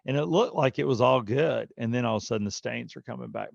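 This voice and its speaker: A man's voice: medium pitch, fast talker, gravelly, few pauses, no echo, lo-fi sound. A middle-aged man co-hosting a podcast, telling a long story in casual chat and acting out everyone's lines as he goes. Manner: animated storyteller, acting out quotes. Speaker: podcast co-host.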